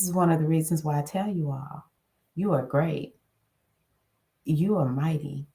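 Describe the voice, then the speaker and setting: Low-voiced lady doing an inspirational chat, earnest and encouraging, super conversational. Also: normal speed, creaky. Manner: earnest, encouraging, animated self-talk asides. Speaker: spiritual self-help host. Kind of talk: casual inspirational monologue.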